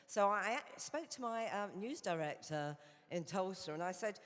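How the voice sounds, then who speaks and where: A woman's voice: mid-range voice, expressive, normal speed, a bit bright. A woman from England with a British accent giving a chatty, anecdotal conference speech as a Rotary International director. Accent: British English. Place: conference hall. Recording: reverberant hall.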